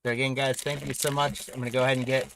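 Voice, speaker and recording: A man's voice: medium pitch, little pitch movement, rapid-fire, gravelly, fairly bright tone, a little hiss or hum, poor audio. A man hosting a live card-breaking stream, casually reading off names and teams and chatting with viewers while tearing into packs, with hiccups. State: has the hiccups.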